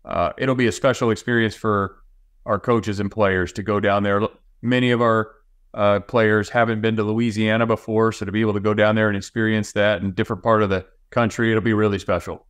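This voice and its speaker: A head football coach in his forties speaks in a lowish, smooth voice, measured and a bit halting as he gathers his thoughts. The sound is dry and close to the mic. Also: fairly even intonation, dry recording. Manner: measured, with many fillers and restarts. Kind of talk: interview answers.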